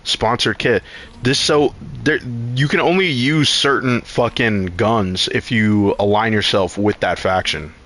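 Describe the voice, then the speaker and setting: A man's voice: fairly low pitch, measured pace, a bit bright. A young man streaming, telling a rambling, profane story in casual chat and acting out his own lines.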